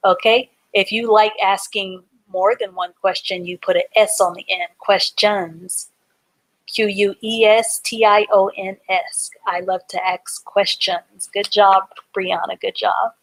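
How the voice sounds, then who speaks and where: A middle-aged woman gives a live reading lesson at a very slow, careful pace. She breaks each word into its letters and sounds, then puts them back together. Her tone stays patient and encouraging throughout. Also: mid-range voice, a bit bright, poor audio. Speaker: reading teacher.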